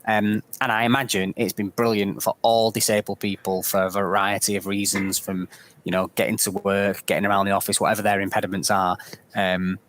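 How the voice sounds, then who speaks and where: Low-voiced man telling a casual story. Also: little pitch movement, brisk, noisy background. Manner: hesitant, with frequent ums. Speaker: podcast co-host and guest.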